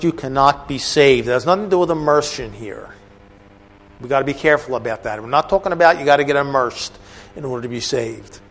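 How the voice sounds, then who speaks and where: A man teaching a bible class, explaining a passage with casual asides to the listeners. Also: on the high side. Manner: conversational, asides to the audience.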